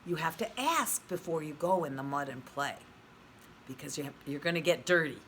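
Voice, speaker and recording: A woman preschool teacher giving an online read-aloud lesson, speaking in a slow, exaggerated sing-song way to small children and asking them questions. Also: low-pitched, expressive, a bit bright, slight background noise. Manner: asks the children questions and praises answers.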